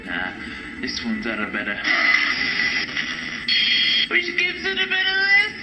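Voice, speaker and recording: A man putting on a deep, blokey voice for a scooter inventor bragging about his machine. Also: wildly swooping pitch, takes it slowly, over loud music, heavily acted, low-quality recording. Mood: boastful.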